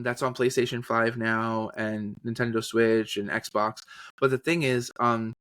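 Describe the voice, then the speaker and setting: A man chats loosely about his work, full of energy and quick to jump into impressions. His voice sits at a middle pitch. The sound is dry and close, with no room around it. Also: no room sound. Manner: animated, slips into trailer and character voices. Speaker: podcast guest, voice actor and journalist. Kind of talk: casual storytelling interview.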